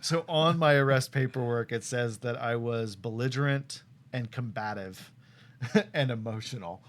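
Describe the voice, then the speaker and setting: A young man casually telling a story to a friend, animated and laughing often as he acts out what people said. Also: mid-range voice, measured pace. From Tucson, Arizona.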